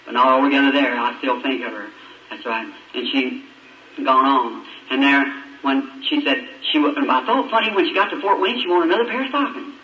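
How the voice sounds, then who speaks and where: A man's voice: mid-range voice, brisk. A man from preaching a storytelling sermon, folksy and heartfelt, with stammering restarts. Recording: old echoey church recording, distant mic, muffled, hiss.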